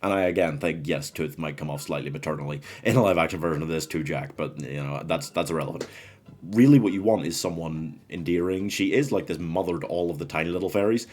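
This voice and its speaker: Low-voiced man chatting casually. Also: fast talker, a little mellow. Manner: chatty and self-mocking, laughing at his own picks. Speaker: host. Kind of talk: casual fan-casting chat to camera.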